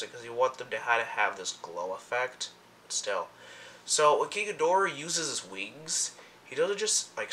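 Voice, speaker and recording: A young man rambling excitedly through a casual movie fan commentary, full of fillers and asides. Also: mid-range voice, a little hiss or hum. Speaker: movie review vlogger.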